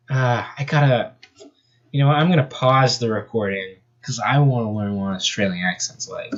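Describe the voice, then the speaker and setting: A man's voice: mid-range voice, moderate pace, dull audio. Young man reading a fan story aloud. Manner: chatty, laughs at the text, off-script asides. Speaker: amateur story reader.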